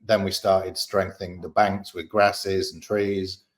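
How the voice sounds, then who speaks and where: An Australian man chatting as a guest, relaxed and candid, swearing freely as he tells stories. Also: sits low, unhurried. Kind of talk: casual storytelling chat.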